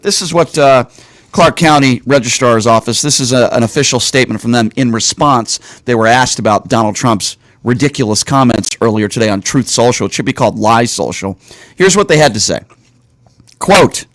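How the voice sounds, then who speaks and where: A man's voice: medium pitch, fairly bright tone, dry recording, clean studio sound. Indignant male talk show host. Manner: indignant, ranting, repeats points for emphasis. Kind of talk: political commentary.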